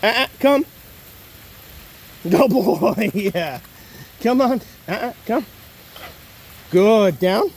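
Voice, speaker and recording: A man working as a dog trainer, outdoors in the rain, calling excited commands and praise to his dog. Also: sits high, drawn-out words, vocal fry, pauses often, slightly rough. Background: rain falling.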